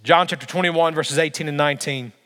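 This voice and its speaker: A man preaching a sermon as pastor, emphatic, building through repeated phrases with slow dramatic pauses. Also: on the high side, sharp tone. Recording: long reverb of a large hall.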